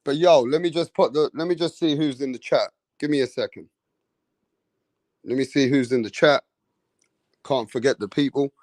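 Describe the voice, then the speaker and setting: A man's voice: medium pitch, normal speed, pauses often, darkish tone, no room sound. A man hosting a casual boxing livestream, greeting viewers in the chat by name in slangy talk.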